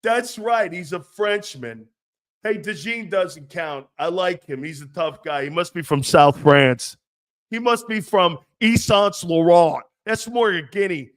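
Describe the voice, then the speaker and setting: Sports radio guy ranting, swears a lot, kinda high voice, laughs at his own jabs. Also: animated, a little slow. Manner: brash and profane, laughing between jabs. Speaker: sports talk host. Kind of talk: opinionated sports radio rant.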